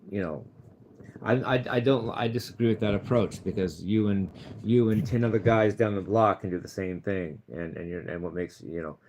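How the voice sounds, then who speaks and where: Low-voiced rambling man giving advice. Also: a little mellow, a little hiss or hum. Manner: rambling, many restarts and stammered repeats; earnest, preachy advice to viewers. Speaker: channel host. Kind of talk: casual vlog monologue.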